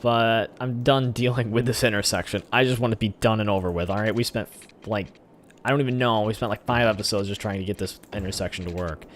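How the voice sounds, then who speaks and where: Chatty low-voiced gaming man. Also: steady tone, brisk, a little hiss or hum. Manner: rambling, talks to the game, erupts in shouted cheers. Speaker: gaming channel host. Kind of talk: casual gameplay commentary.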